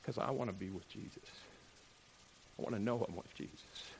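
A man preaching a sermon, animated, firing off rhetorical questions and checking in with "right?". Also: fairly low pitch, moderate pace, gravelly, a little hiss or hum. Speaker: pastor.

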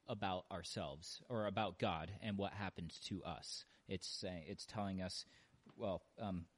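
A man's voice: sits low, a little slow. A man in a church study group answering tentatively, thinking aloud as he goes. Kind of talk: hesitant discussion answer.

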